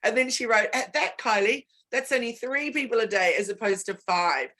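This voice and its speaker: A woman's voice: fairly high pitch, expressive, moderate pace, sharp tone. Candid, emphatic woman in casual chat. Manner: candid and emphatic, repeats words for stress. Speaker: guest and business consultant.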